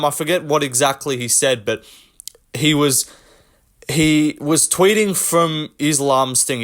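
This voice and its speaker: A man's voice: medium pitch, fairly bright tone. A young man hosting a casual commentary rant, blunt, mocking and full of swearing. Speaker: host.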